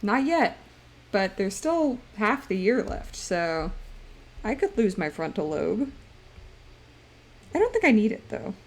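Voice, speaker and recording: A woman's voice: mid-range voice, sing-song, slow pace, long pauses. A young woman streaming live, chatting playfully and rambling to her viewers while she draws. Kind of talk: casual live-stream chat while drawing.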